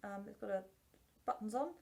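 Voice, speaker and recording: Her voice is medium-pitched and creaky at normal speed: a singing teacher chatting casually through a face mask while reviewing a product. She sounds slightly muffled, pokes fun at herself and keeps restarting.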